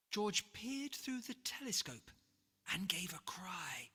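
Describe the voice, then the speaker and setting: An author reading their own rhyming picture book aloud in a lively, rhythmic way. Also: medium pitch, slow, breathy edge. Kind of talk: rhyming storybook read-aloud. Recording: long reverb, faint music behind.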